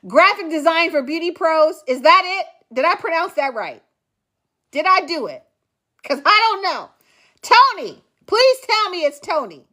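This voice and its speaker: A young adult woman hosting a live class, chatting playfully and teasing viewers in a casual, animated way. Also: extremely high pitch, unhurried. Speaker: class host.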